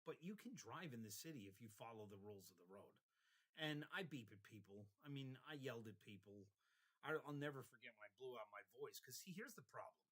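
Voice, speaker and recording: A young man talking casually in a rambling vlog monologue, drifting between tangents and getting loud when worked up. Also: medium pitch, lively intonation, fairly quick, husky, poor audio. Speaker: vlogger.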